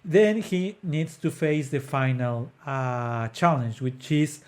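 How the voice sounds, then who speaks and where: A man with a mid-range voice hosts an opera podcast, speaking slowly as he earnestly explains an aria. He hesitates often with fillers and breaks into sung phrases to demonstrate the notes.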